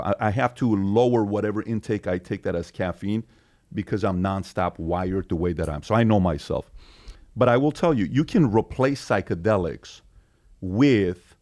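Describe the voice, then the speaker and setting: A middle-aged man chatting as a podcast guest, telling stories and acting out the quotes. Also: lowish voice. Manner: animated storyteller who acts out quotes. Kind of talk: casual storytelling chat.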